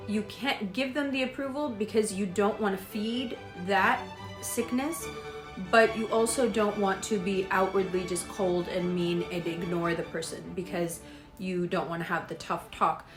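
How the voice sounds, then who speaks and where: A woman giving a casual horoscope reading in a chatty, animated way, sometimes acting out imagined dialogue. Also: medium pitch, unhurried, reverberant, over music. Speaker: astrologer.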